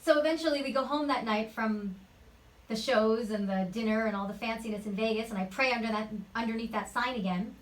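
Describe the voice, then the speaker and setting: A woman actress being interviewed at a home studio, telling a lively, chatty anecdote. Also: fairly high pitch, a little fast, distant mic, poor audio. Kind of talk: interview storytelling.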